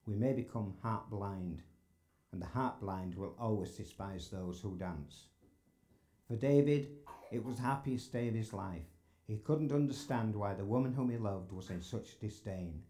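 A man's voice: on the low side, measured pace, mellow. A man preaching a sermon in a church sanctuary, earnest and building to emphatic exclamations.

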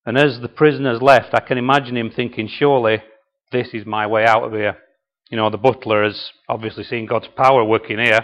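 A man's voice: mid-range voice, steady tone, a little fast, a bit bright, highs cut off. A man preaching a sermon and often asking the congregation questions. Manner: conversational, asks the congregation questions.

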